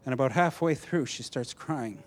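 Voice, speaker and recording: A man preaching a personal testimony, telling the story animatedly with halting restarts. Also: mid-range voice.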